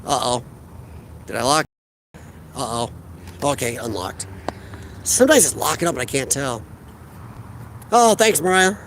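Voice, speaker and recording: A man with a Midwestern American accent chats easily on a live stream, held up to his phone's mic at a riverfront park. His voice sits high for a man, and he keeps answering viewers' chat messages by name. A faint wash of outdoor ambience runs under him. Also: sing-song, normal speed, long pauses, a bit bright, slight background noise. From United States. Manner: chatty, reads out viewers' chat and answers them. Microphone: phone camera held by the speaker.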